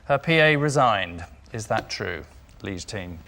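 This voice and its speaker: A man hosting a comedy panel show, reading scripted jokes with dry, deadpan timing. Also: lowish voice, measured pace, vocal fry. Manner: dry, deadpan delivery of punchlines. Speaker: quiz show host.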